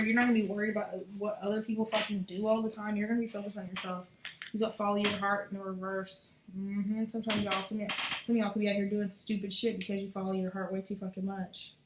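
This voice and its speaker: A woman giving a casual, chatty tarot reading, talking bluntly and swearing freely. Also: medium pitch. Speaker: tarot reader. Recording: echoey room with faint noise.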